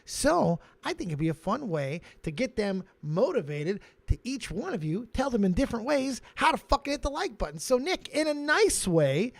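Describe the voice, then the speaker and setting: A man hosting a livestream speaks loudly, teasing his guests and swearing freely in casual, profane chat. His voice is extremely high with big pitch swings, creaky, at normal speed with hardly any pauses, and the recording is dry.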